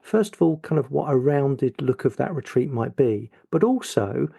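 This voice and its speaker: A man hosting a podcast asks thoughtful, measured questions of his guest. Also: mid-range voice, expressive, gravelly, dark tone, breathy edge. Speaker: podcast host. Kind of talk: podcast interview.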